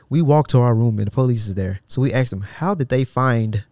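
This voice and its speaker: A man's voice: medium pitch, brisk, few pauses, darkish tone. A man hosting a podcast, reading a social media thread aloud in a loose, slangy way and stopping often to mock it with sarcastic disbelief. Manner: sarcastic and incredulous, breaks off reading to mock the poster; loose, slangy delivery with frequent restarts. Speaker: podcast host.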